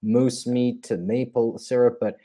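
A man's voice: mid-range voice, fairly even intonation, measured pace, mellow. A man in casual chat, mostly chiming in briefly and laughing along.

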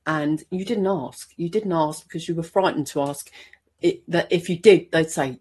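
Lady in her 60s chatting, lots of restarts, mellow and a bit raspy. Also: on the low side, expressive. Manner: hesitant, halting, many restarts. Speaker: book club member. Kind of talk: casual chat.

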